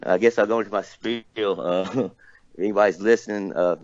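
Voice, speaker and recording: Easygoing guy, kinda low voice, rambles on, dry muffled recording. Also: steady tone, a little fast, a little mellow, no room sound. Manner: rambling, laid-back storyteller. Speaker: record store owner. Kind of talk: casual podcast chat.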